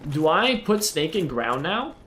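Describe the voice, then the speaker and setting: A man's voice: on the high side, big pitch swings, unhurried, noisy background. A man live-streaming a video game, chatting with viewers and teasing them and the game in a playful way.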